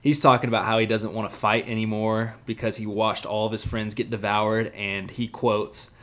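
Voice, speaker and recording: A man with a lowish voice talks through an anime episode with his co-host. His tone is casual and blunt, and he cracks jokes about the characters as he goes, sometimes doing their lines in quick asides. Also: little pitch movement, fairly bright tone. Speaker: podcast co-host. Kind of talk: casual anime recap chat.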